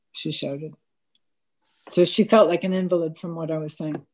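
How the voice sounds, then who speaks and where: A woman's voice: low-pitched, fairly even intonation, moderate pace, a little mellow. A woman telling a personal anecdote to a gathered audience, candid and self-mocking, acting out bits of dialogue and often stammering into restarts.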